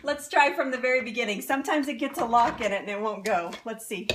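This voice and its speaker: A woman's voice: fairly high pitch, fast talker, background noise. A woman hosting a live cooking demonstration in her home kitchen, chatty and upbeat, laughing often. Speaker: cooking show host.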